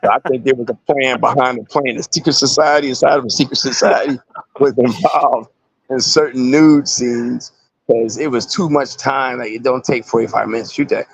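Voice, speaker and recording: A man and actor, a guest in an interview, telling animated stories and acting out the voices of people he quotes. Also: mid-range voice, normal speed, gravelly, husky, dry recording. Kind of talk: casual interview storytelling.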